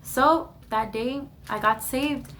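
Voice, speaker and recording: A woman's voice: on the high side, takes it slowly, a bit bright, a little hiss or hum. A young woman vlogger giving a heartfelt personal testimony to the camera, earnest and repeating words for emphasis. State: emotional at times. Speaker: vlogger sharing her testimony.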